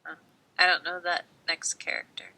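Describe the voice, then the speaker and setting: A woman, a student in a language class, reading aloud slowly and hesitantly. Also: lowish voice, little pitch movement, pushed and bright, low-quality recording.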